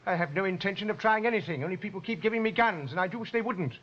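An actor playing an eccentric elderly time traveller with a dry, fussy, teasing delivery, from a muffled old television soundtrack. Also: male voice, sits high, racing, a bit bright. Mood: wry.

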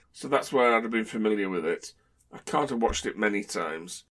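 A man's voice: mid-range voice, fairly bright tone. A man from Britain hosting a podcast, talking in a chatty, rambling, wry way. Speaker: podcast host. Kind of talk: casual chat.

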